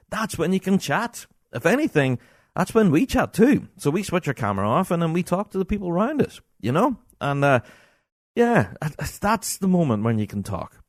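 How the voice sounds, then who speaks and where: Animated Scottish podcast host. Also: male voice, medium pitch, no echo, studio quality. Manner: animated storyteller, exasperated. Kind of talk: casual ranting anecdote.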